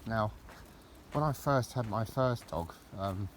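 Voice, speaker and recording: A man's voice: on the low side, takes it slowly, low-quality recording. A middle-aged man chatting casually for his vlog, rambling and jokey with cheeky asides, recorded outdoors on a walk. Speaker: vlogger. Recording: outdoor recording with loud background noise.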